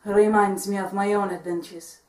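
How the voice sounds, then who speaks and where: A woman's voice: mid-range voice, little pitch movement, normal speed, darkish tone, lightly acted. A woman playing a proud swashbuckling masked heroine with a put-on Spanish accent, speaking formally and grandly in a comedic movie review. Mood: grand narration.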